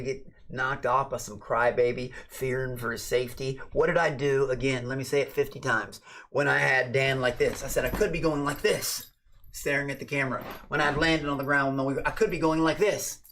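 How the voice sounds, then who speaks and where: A man's voice: medium pitch, fairly bright tone. Blunt, profane man hosting a late-night stream. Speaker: livestream host.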